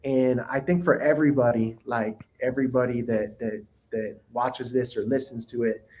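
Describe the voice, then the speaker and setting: A man, a guest on a podcast, speaks in a mid-range voice. He gives sincere, reflective advice in a relaxed, casual way. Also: mid-range voice, normal speed, rough recording. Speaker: guest, business owner.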